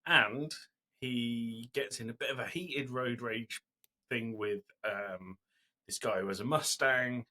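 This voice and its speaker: A man's voice: mid-range voice, slow pace, sharp tone. A man co-hosting a podcast, retelling a show in a rambling, casual way with lots of fillers. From Britain. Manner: rambling storytelling recap with fillers. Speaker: podcast co-host. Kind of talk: casual chat.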